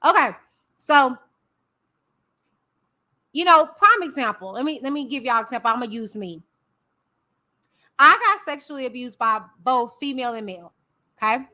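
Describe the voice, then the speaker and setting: Bright, high-voiced woman giving blunt commentary. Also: animated, normal speed, pauses often. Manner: candid, opinionated, talks directly to viewers. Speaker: YouTube commentary host. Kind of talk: casual live-stream commentary.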